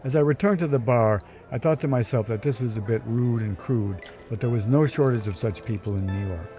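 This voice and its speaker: A man's voice: medium pitch, a little fast, over music. A man narrating a scripted first-person story in a dry, wry tone, recorded on a close mic. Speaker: storyteller, podcast host.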